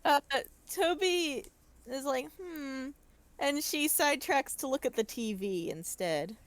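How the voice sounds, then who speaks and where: A woman playing in a tabletop game, talking casually and slowly about her character. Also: sits high, no echo. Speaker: player.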